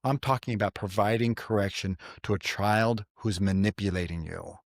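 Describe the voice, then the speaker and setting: A man's voice: lowish voice, fairly even intonation, normal speed, gravelly, no echo, studio quality. A middle-aged man hosting a podcast, giving earnest parenting advice in casual chat and telling stories with quoted voices. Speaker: podcast host.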